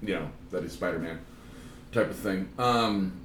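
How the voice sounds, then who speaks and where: A man co-hosting a casual podcast chat, rambling and breaking into loud excited outbursts, recorded in a room at home. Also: sits low, moderate pace, a little hiss or hum. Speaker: podcast co-host. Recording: echoey room, mic at a distance.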